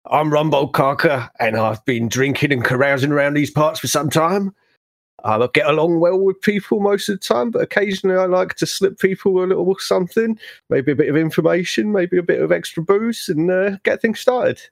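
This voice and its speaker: A man's voice: a little high, brisk, vocal fry, no echo. A man voicing a carousing male rogue who likes to slip people drinks and information, introducing himself with sly boasting.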